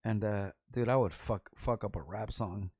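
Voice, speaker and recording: A middle-aged man from Los Angeles, a rapper hosting his own vlog, telling loose, profane, rambling stories full of quick asides. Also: fairly low pitch, darkish tone, dry recording, clean studio sound. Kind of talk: casual storytelling to camera.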